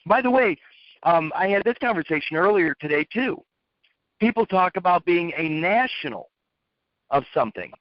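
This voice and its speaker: A man's voice: sits high, expressive, moderate pace, no echo. A man giving a lecturing monologue, posing rhetorical questions and repeating his phrases for emphasis. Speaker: speaker. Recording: dull, dry lo-fi recording.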